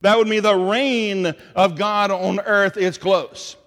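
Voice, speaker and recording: A man's voice: high-pitched, fairly even intonation, slow, fairly bright tone, big-room sound. A man with a Tennessee Southern accent preaching a sermon in an earnest, conversational way, often putting questions to his listeners.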